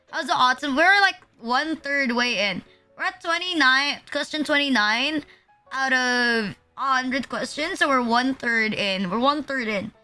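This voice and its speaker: A woman's voice: high-pitched, bright, forceful tone. A young woman from the Philippines chatting casually on a livestream, rambling and swearing, with lots of "like" in her talk. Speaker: VTuber streamer. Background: faint music.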